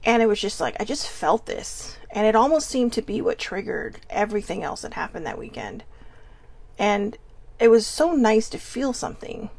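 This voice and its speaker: A woman hosting a candid personal vlog, speaking earnestly and haltingly as she searches for words, often restarting. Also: mid-range voice, very animated, gravelly, a little mellow, no room sound. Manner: earnest and open. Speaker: vlog host.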